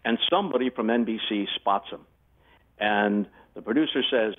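An older man, a guest sportscaster, telling anecdotes in an animated way during a casual interview, heard over a tinny remote line. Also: lowish voice, normal speed, slightly rough.

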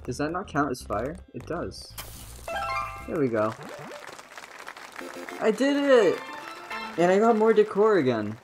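Excitable young woman streaming a game. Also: on the low side, takes it slowly, long pauses, over music, a crowd in the background, rough recording. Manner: chatty, excitable, swears freely. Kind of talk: casual live game commentary.

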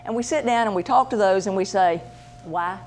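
A woman who works as an animal medium, telling stories in a chatty, animated way and acting out the voices in them. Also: mid-range voice, fast, slight background noise. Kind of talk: casual storytelling talk.

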